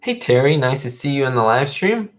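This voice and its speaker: A man's voice: mid-range voice, sing-song, fairly quick. A man hosting his own livestream, talking casually and a bit rambling, with plenty of fillers. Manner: rambling, fan-like, lots of fillers. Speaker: YouTube host.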